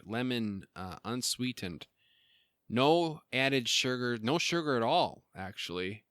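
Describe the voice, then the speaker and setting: A man's voice: mid-range voice, expressive, slow pace, fairly bright tone, dry recording. Middle-aged male podcast host, rambling casual talk, heavy breathing, dry close sound. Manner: rambling, chatty, self-deprecating with frequent fillers. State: breathing heavily. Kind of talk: casual solo podcast chat.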